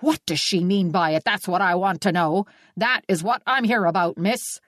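A woman's voice: lowish voice, normal speed, a bit bright, close to an everyday voice. A woman reading an audiobook, voicing an irate middle-aged male farmer who sputters and scolds in old-fashioned exclamations.

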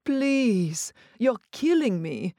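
A man's voice: high-pitched, expressive, a little slow, a little mellow, dry recording, studio quality. Woman doing a flirty French pastry chef. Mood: pleading. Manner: exuberant, pleading, flirty.

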